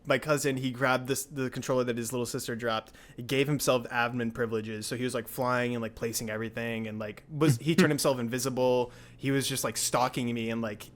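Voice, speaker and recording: A young man hosting a podcast, telling a story in a rambling, excitable way with lots of filler words. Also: mid-range voice, brisk, hardly any pauses. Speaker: podcast host. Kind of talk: casual storytelling chat.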